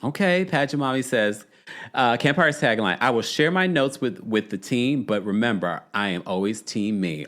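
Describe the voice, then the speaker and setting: A man hosting a reality TV recap show in casual chat, reading viewer comments aloud and reacting with lively, swooping enthusiasm. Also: normal speed. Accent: New York. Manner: animated, swings up high when amused. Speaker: podcast host.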